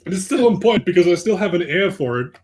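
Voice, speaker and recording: A man's voice: high-pitched, expressive, quick pace, a little hiss or hum. A man co-hosting a casual gaming podcast, joking around and swearing. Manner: joking, profane, puts on silly voices. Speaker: podcast co-host.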